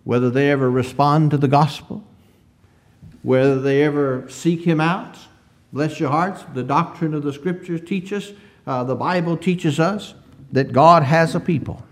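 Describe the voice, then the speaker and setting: A man preaching a sermon in an emphatic cadence, stretching out phrases, swelling on key words and often clearing his throat. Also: on the high side, a little slow.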